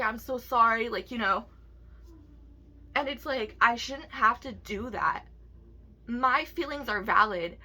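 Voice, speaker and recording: Bright-voiced young woman ranting. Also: on the high side. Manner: emotional, heavy swearing, ranting to camera. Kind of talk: casual vlog rant.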